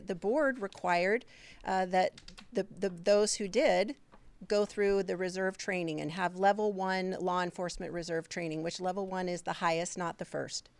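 Woman in a debate, calm and measured, crisp voice, no room sound. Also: mid-range voice, dry recording. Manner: measured, policy-focused, some restarts. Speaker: debate candidate. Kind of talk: debate answer.

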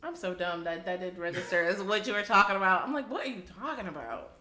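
A woman co-hosting a casual podcast chat, animated and acting out her own reactions with laughs. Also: mid-range voice, quick pace. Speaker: podcast co-host. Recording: echoey room.

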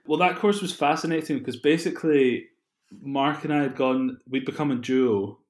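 A man's voice: medium pitch, normal speed. Man in a roomy room. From Scotland. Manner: relaxed, laughs often, rambling asides. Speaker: guest, music producer. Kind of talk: casual interview chat. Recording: roomy echo.

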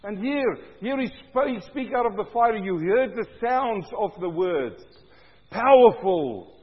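A man preaching a sermon as pastor, loud and booming, his voice swelling as he reads scripture. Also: moderate pace, husky. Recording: dull, lo-fi sound with long hall reverb.

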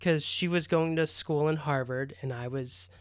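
Smooth-voiced chatty man. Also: fairly high pitch, steady tone, normal speed, no room sound, clean studio sound. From Boston area. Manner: chatty, laughs at own stories. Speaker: podcast co-host. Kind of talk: casual chat.

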